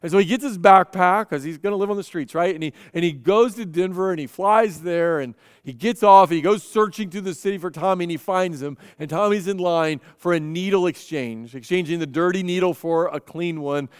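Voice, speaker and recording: A man's voice: high voice, brisk, few pauses, clear, resonant tone, no room sound, clean studio sound, in a large hall. A man preaching a sermon, telling stories earnestly and often repeating his first word as he goes. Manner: earnest storytelling with frequent repeated starts. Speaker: pastor.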